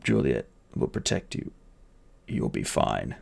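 A man's voice: extremely low pitch, very animated, vocal fry, darkish tone, slightly rough, pitched below the performer's own voice, exaggerated voice. A man voicing a dying giant bodyguard who speaks weakly in short gasps. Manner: slow, weak, short gasps.

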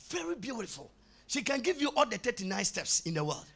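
A male pastor preaching a sermon, building into shouted, sing-song passages. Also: very high-pitched, big pitch swings, fairly quick, a little hiss or hum.

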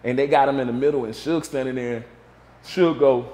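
A man's voice: medium pitch, fairly quick, roomy sound. A man guest in a casual interview, telling a story and acting out what others said. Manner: animated storyteller, acts out quotes.

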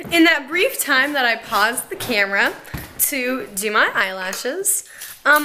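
Young female vlogger, high voice, chatty and frazzled, noisy car ride. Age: young adult. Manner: chatty, flustered and rushed. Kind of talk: casual vlog to camera.

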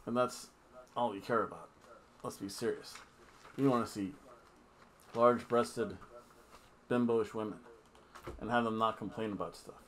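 A man hosting a casual wrestling review, talking in a rambling, offhand, jokey way with asides. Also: mid-range voice. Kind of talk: casual wrestling recap chat.

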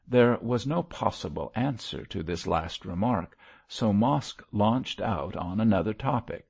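A man reading an audiobook chapter in a measured, expressive narration. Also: on the low side, vocal fry. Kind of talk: scripted narration. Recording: muffled lo-fi recording.

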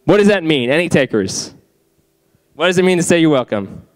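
A man's voice: a little high, big pitch swings, a little fast. A young man preaching to a youth group, chatty and quizzing the audience with questions. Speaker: youth pastor. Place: youth ministry room.

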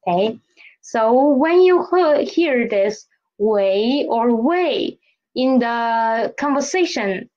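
A woman teaching a Mandarin lesson in English, explaining slowly and repeating key phrases with "okay?". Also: a little high, lo-fi sound. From Philippines. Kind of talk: language lesson.

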